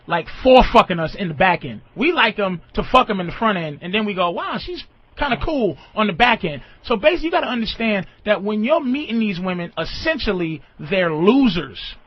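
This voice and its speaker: A man hosting a radio call-in show, giving blunt, profane advice with animated storytelling, heard through a muffled radio broadcast. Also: high-pitched, brisk, hardly any pauses, dry recording. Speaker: radio host.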